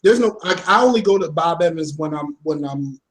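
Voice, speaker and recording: A young man co-hosting a casual podcast, animated and slangy, rising into rants. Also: on the high side, a little fast. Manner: animated, slangy, gets worked up ranting. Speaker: podcast co-host.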